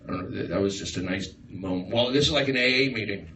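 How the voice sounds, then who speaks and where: A man doing a rambling stand-up set, riffing excitably on the crowd in a small comedy room. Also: lowish voice, fast. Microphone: far live-stream phone mic. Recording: echoey, distant livestream with room noise.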